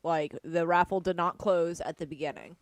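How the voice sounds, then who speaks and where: A woman co-hosting a livestream raffle, giving event details and briskly hurrying the others along. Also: lowish voice, fairly even intonation. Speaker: co-host. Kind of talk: casual livestream chat.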